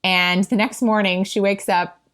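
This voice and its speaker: A woman's voice: mid-range voice, steady tone, fairly bright tone. A woman co-hosts a casual book podcast in a mid-range voice. She talks things through in an earnest, thoughtful way, restarting a phrase now and then as she gathers her thoughts. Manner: thoughtful, earnest, measured commentary with small restarts. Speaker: podcast co-host. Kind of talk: casual book-discussion chat.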